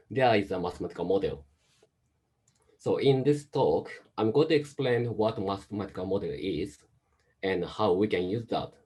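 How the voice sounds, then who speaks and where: A man's voice: deep voice, husky. A man with a Japanese-Chinese-American accent, a doctor giving a science talk over a video call. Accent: Japanese, Chinese and American mix. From Japan, raised in Hong Kong. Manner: steady explaining, careful phrasing. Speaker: guest speaker, medical doctor.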